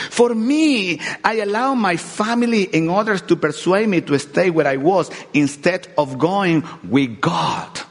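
A middle-aged man preaching an earnest sermon with personal testimony, often repeating words and swinging between loud and hushed. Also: high-pitched, measured pace. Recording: long hall reverb.

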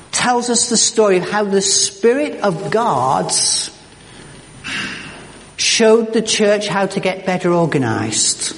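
A pastor delivers a sermon with emphatic, animated energy, tripping over and repeating words as he presses his point. His voice rings out with a long reverb trailing through the church. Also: sits high, gravelly, a little hiss or hum.

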